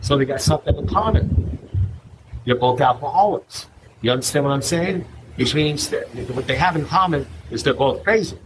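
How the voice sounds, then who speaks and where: A man speaking at a recovery meeting, telling a humorous story to a live audience. He keeps checking in with "you know what I mean?" and jumps into a higher voice to act out what other people said. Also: normal speed, noisy background. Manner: acts out others' lines in a raised voice.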